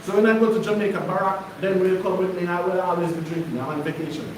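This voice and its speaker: In a congregation hall, a high-voiced man preaches quickly with fairly even intonation, speaking emphatically but in a conversational way and often asking his listeners questions. The mic is far off in an echoey room, with slight background noise.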